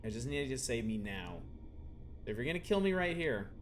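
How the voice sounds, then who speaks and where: A man voicing a gloomy young adult female cat from a game, speaking low, quiet and slow. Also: sing-song, a little hiss or hum, natural voice. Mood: brooding. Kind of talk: game dialogue read aloud.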